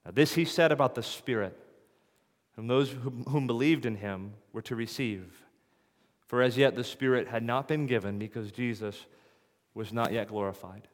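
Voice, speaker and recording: Preacher in a reverberant hall. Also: male voice, medium pitch, a little slow. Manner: rhetorical questions, rising to emphatic peaks. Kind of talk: expository sermon. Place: church sanctuary.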